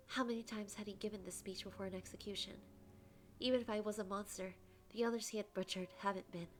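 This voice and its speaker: A woman's voice: mid-range voice, steady tone, quick pace. A woman reading a visual novel's narration aloud with wry casual asides. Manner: dramatic storytelling with wry asides.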